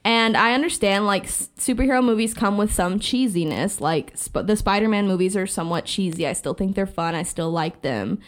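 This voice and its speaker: A woman's voice: medium pitch, animated, brisk, few pauses. A woman co-hosting a podcast, talking through her opinion of a film in casual chat. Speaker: podcast co-host.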